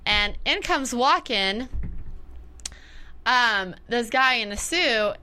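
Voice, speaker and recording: A woman talks in a loose, chatty way as a co-host. Her voice is bright and crisp. She drops into little quoted voices as she talks. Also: a little high, animated, slow pace. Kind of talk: casual chat.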